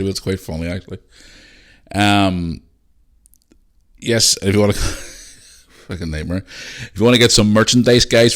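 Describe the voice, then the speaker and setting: A man hosting his own podcast in a loose, chatty way, swearing freely as he talks to listeners. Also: low voice. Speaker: podcast host. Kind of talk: casual solo podcast chat.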